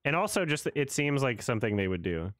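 A man's voice: medium pitch, very animated, fairly quick, a bit bright, no echo, studio quality, faint music behind. A man in his thirties doing casual, sarcastic reaction commentary on a trailer, laughing and swearing as he goes.

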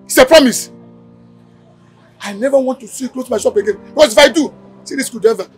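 A blustering, bullying Nigerian shop owner. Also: male voice, very high-pitched, fast, soft background music. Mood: angry. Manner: blustering, mocking, threatening. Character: harsh bullying male shop owner, threatening.

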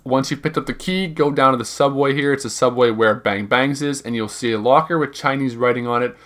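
Young male gaming creator, casual walkthrough voice-over, mid-pitched, loose and rambling. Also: a little fast, fairly bright tone. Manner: rambling and informal, hedges numbers, repeats himself. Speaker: gaming video guide creator. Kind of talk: casual gameplay walkthrough narration.

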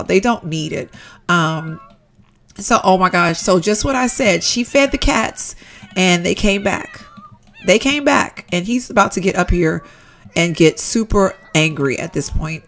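A woman giving casual, chatty commentary while playing a life-simulation game, excitable and addressing viewers as "y'all". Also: lowish voice. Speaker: Sims let's-play creator.

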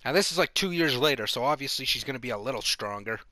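Excitable hoarse man commentating a game. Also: mid-range voice, fast, dry recording. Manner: excitable, loud exclamations. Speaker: gaming commentator. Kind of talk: casual let's play commentary. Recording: commentary over game music.

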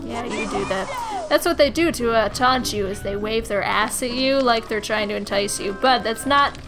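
A young woman, a bit tipsy, hosts a let's-play with brash, foul-mouthed commentary. Her voice is on the high side at a moderate pace, and game music plays underneath.

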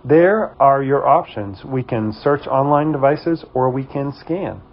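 A man with a New England accent hosting a casual how-to tutorial, relaxed and full of "um" fillers. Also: medium pitch, measured pace, lo-fi sound, slight background noise. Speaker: host of a security camera company channel.

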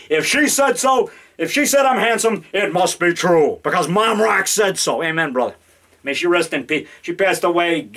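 A man in his fifties rambling excitedly through a home video in his basement, now and then growling mock monster roars. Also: sits high. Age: 50s. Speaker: independent horror filmmaker. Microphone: handheld digital camera.

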